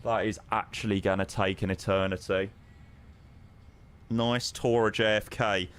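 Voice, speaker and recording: A man's voice: lowish voice, level tone, a little slow, a bit bright, clean tone. A man chatting casually on a live stream, answering viewers with plenty of ums and friendly "mate"s. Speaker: live streamer flying a flight simulator.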